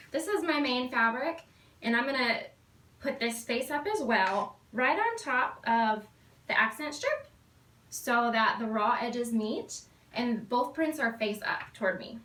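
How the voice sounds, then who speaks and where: Woman, 30s, upbeat tutorial host, fairly high voice, recorded a bit off-mic in a roomy space. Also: a bit bright, distant mic. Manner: cheerful, step-by-step explaining.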